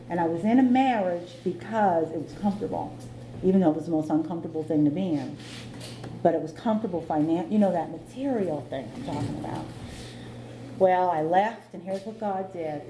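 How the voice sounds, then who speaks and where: A woman's voice: medium pitch, dark tone, slight background noise. A middle-aged woman speaking at a recovery meeting, candidly telling her own story and laughing at herself. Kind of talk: personal recovery testimony. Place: meeting room. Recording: echoey meeting room.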